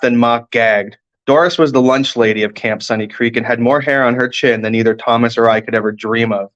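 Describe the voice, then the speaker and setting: A man, an author, reading his own first-person fiction aloud in a steady storytelling manner. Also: medium pitch. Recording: dull lo-fi recording.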